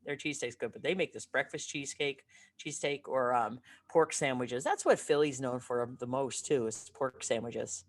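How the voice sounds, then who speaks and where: A woman from Northeastern Pennsylvania co-hosting a casual chat, chatty and quick to laugh. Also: extremely low pitch. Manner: laughs often, chatty and nostalgic. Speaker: podcast co-host.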